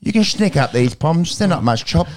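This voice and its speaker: A high falsetto mother figure coos reassurance, as a man puts her on. The tone is mock-soothing and exaggerated, with a lilt. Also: lively intonation, moderate pace, close to an everyday voice. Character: woman actress as a mother, coaxing a shy teen.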